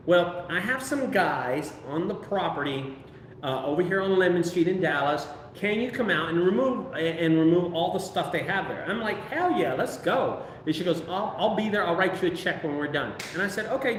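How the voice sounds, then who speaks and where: A man telling a casual, profane, animated story about his junk removal business. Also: sits high, slight background noise. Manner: animated, profane, acts out quoted voices. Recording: echoey room, far from mic.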